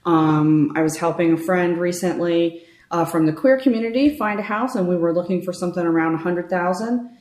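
A woman's voice: fairly low pitch, brisk. A woman in her thirties, a realtor, talking casually and animatedly in an interview, with many fillers. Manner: chatty, animated storytelling with fillers. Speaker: realtor guest. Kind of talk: conversational interview. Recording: roomy echo.

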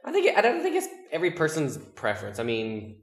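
A man's voice: on the high side, huge pitch swings, a little fast, echoey room. A man with a Southern US accent, co-hosting a podcast in loose, blunt, rambling banter and swearing freely. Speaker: podcast co-host.

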